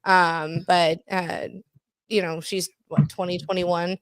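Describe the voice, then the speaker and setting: A woman's voice: lowish voice, little pitch movement, slow pace, smooth, dry recording. A woman co-hosting a podcast, talking in a rambling, chatty way. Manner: chatty, rambling, laughs often. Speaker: podcast co-host. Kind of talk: casual chat.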